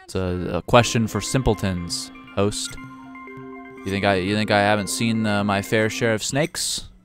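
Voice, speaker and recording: A man's voice: fairly low pitch, steady tone, moderate pace, soft background music. A man streaming a game show game live, commenting in a profane, ranting, exasperated way.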